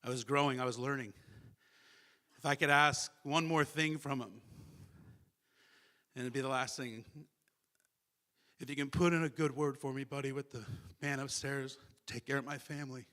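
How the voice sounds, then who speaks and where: A man's voice: mid-range voice, steady tone, moderate pace, pauses often, sharp tone. A man speaking at a memorial service, recalling a friend in a heartfelt eulogy and acting out the dialogue of a remembered dream. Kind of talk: memorial speech.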